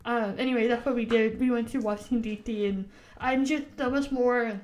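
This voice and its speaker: A woman's voice: on the high side, steady tone, fairly quick, few pauses, darkish tone. A woman from the United States co-hosting a casual podcast, talking earnestly and with emphasis, with frequent "like" and "you know" fillers. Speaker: podcast co-host.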